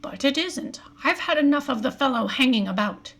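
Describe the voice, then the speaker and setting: An upset middle-aged husband, as a woman reading aloud puts him on. He speaks in forceful, raised outbursts. It is read as a novel scene. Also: high voice, animated, moderate pace, gravelly, exaggerated voice. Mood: angry.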